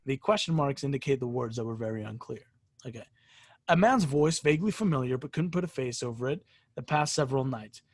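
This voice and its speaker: A man's voice: expressive, brisk, no room sound, clean studio sound. A man co-hosting a podcast, casually reading creepy stories aloud and joking with friends. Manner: jokey, bursts into shrill shouted ghost voices. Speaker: podcast co-host.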